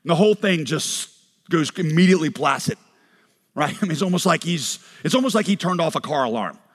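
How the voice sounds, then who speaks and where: A man from North Carolina preaching a sermon, animated, telling stories and acting out quotes, sometimes shouting. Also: a little high, a little fast. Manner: animated storytelling with acted quotes, rises to shouts. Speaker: pastor. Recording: long hall reverb.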